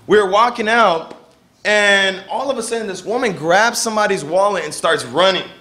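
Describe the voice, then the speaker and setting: Animated, bright-voiced young male preacher. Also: high-pitched, moderate pace. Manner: animated storytelling, acting out quoted voices. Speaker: pastor. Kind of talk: sermon.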